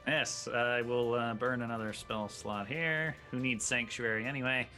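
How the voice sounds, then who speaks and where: Bright-toned man playing a tabletop game. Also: medium pitch, steady tone, normal speed, faint music behind. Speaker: player. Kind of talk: casual tabletop game talk.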